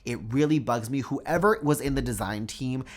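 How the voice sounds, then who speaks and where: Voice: medium pitch, moderate pace. Emphatic, exasperated doll vlogger. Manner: emphatic, dramatic repetition, frequent "like". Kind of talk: opinion rant to camera.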